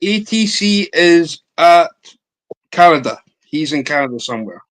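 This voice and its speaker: A Scottish man hosting a casual live chat, playful and animated. He speaks slowly, stretching words for emphasis. His pitch swings widely as he jokes with his guests.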